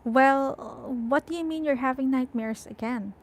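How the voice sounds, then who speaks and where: A woman voicing a worried middle-aged mother on the phone, asking gentle, probing questions. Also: high voice, measured pace. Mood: concerned.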